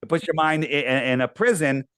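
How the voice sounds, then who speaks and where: Man telling a rambling, animated story. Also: fairly high pitch, fairly quick, clean tone, dry recording. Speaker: podcast guest. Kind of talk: casual interview chat.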